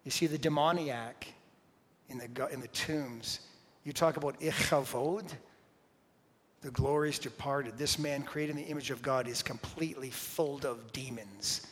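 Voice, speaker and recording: A man preaches in a church sanctuary, his voice rising to loud declarations and then falling to hushed whispers. His pitch sits in a middle range. The sound carries the long reverb of a large hall. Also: measured pace. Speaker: pastor. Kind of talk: sermon.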